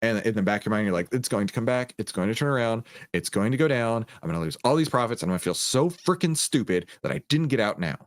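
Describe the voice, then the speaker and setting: A man hosting a live trading stream, talking straight to his chat. His pitch swings widely as he coaches, teases and reassures viewers, with a mid-range voice that rises and falls in lively bursts. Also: quick pace, hardly any pauses. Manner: animated, coaching, answers chat questions. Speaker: trading livestream host. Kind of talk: livestream Q&A with chat.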